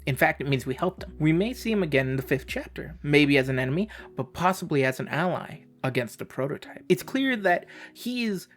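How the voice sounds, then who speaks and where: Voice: mid-range voice, expressive, a little fast, hardly any pauses. A channel host casually explaining a game theory, with joking, self-deprecating asides and rambling tangents.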